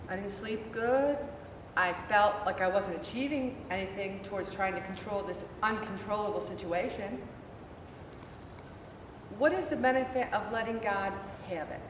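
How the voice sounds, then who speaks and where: A middle-aged woman leading a faith-based weight-loss support group in a church meeting room, acting out her own inner dialogue in an animated way. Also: mid-range voice, moderate pace, slight background noise. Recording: echoey room from far off.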